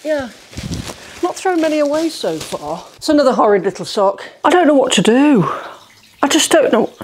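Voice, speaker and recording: A woman's voice: sits high, sing-song, normal speed. A middle-aged woman, chatting through a declutter vlog as she sorts socks in her bedroom, exclamatory and self-mocking. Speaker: home organising vlogger. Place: bedroom, sorting socks on a bed.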